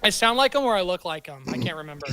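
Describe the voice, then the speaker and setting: A man hosting a livestream in casual chat, excitable and joking, with a non-Southern American accent, breaking into loud mock outrage. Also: high-pitched, rapid-fire, a loud crowd. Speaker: streamer host.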